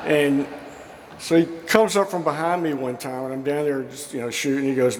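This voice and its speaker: A man's voice: mid-range voice, measured pace, pauses often, a little hiss or hum. A man telling affectionate stories at a memorial, with lots of fillers and imitations of his old coach, speaking at a podium mic in a large school gym. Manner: warm storytelling with fillers, mimics quoted coach. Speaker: memorial speaker, former player. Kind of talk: anecdotal eulogy. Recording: echoey gym with long reverb.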